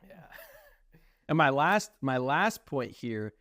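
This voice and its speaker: A man's voice: mid-range voice, very slow, no echo, studio quality. A young man co-hosting a podcast, chatting casually and venting with lots of swearing. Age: young adult. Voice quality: profane, animated venting. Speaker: podcast co-host. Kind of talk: casual chat.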